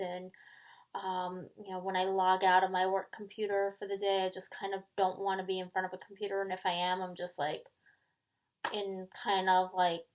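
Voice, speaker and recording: A woman's voice: medium pitch, low-quality recording. A middle-aged woman from New York with a New York accent, hosting her tarot channel in casual, rambling chat full of ums and likes.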